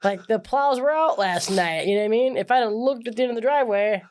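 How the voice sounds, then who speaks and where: A woman's voice: fairly high pitch, fast talker, slight background noise. Woman swearing through a casual chat. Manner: swears freely, laughs through animated retellings. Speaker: podcast guest.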